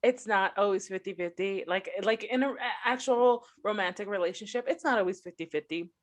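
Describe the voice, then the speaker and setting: A woman's voice: mid-range voice, brisk. A woman co-hosting a book podcast, talking reflectively and posing herself questions as she gives advice in casual chat. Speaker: podcast co-host.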